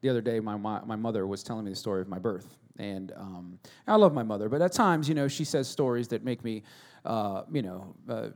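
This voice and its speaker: A middle-aged man preaching a sermon as a pastor, telling stories with humor and swinging between loud and hushed delivery. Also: on the low side, brisk, few pauses.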